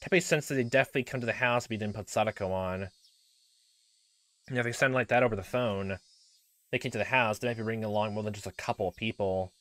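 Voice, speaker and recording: A man's voice: lowish voice, quick pace, a bit bright. A man reading a visual novel aloud with restarts and joking asides, in a middling voice. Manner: reads with restarts, laughs into asides. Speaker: let's play narrator.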